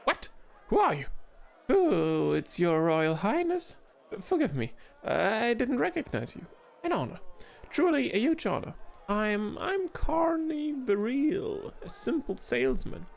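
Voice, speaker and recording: A man's voice: very high voice, big pitch swings, slow pace, vocal fry, pitched above the performer's own voice, exaggerated voice. A man voicing a nervous, touchy male gnome salesman who stammers and gets defensive, read aloud in a video game playthrough. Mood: flustered.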